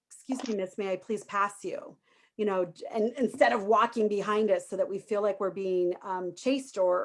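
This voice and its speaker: A woman hosting a panel discussion over a video call, speaking emphatically and encouragingly. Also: medium pitch. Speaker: host.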